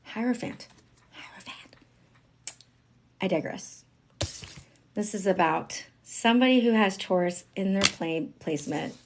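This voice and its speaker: A woman giving a casual live-stream tarot reading, chatty and candid, swearing freely and swinging between loud bursts and near whispers. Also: moderate pace, a little hiss or hum. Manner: chatty, candid and profane, with frequent fillers; animated, jumping in pitch and loudness, sometimes dropping to a whisper. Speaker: tarot reader.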